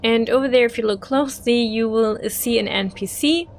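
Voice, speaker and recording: A woman's voice: a little high, moderate pace, slight background noise. A woman hosting a game walkthrough, giving chatty, emotional gameplay commentary.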